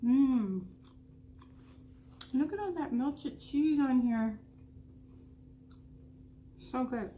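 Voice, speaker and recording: Woman, 30s, casual eating vlogger, slightly high voice, faint hum under the recording. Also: very slow, pauses often, warm tone, highs cut off. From United States. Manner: chatty, eating while talking, with food in her mouth. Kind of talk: casual mukbang storytelling.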